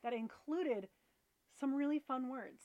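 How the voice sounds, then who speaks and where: A woman's voice: sits high, a little slow, mellow, no room sound, muffled recording. A woman in her thirties co-hosting a casual chat show, with wry, playful jokes. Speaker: podcast co-host.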